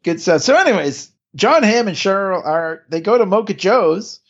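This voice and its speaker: A man co-hosting a podcast, chatting casually about an episode, laughing often and slipping into quick quotes of the characters. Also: sits high, lively intonation, lo-fi sound. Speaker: podcast co-host. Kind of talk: casual episode recap chat.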